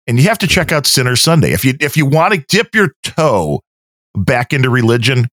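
A man's voice: medium pitch, sing-song, fairly quick, a bit bright, no echo, clean studio sound. A man co-hosting a podcast in casual, rambling chat, often breaking off his sentences. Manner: rambling, self-interrupting. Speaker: podcast co-host and editor.

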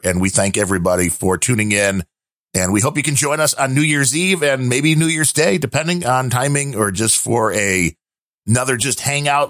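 A man's voice: medium pitch, dry recording, studio quality. A man hosting a casual podcast, joking and teasing his co-hosts. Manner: animated, joking. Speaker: podcast host.

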